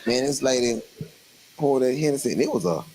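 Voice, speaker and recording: A man telling a comic story, laughing as he goes and jumping into loud voices for the people in it. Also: a little fast, a little hiss or hum, low-quality recording. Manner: animated, laughing through the story, jumps into loud high voices for other people. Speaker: storyteller on a livestream show.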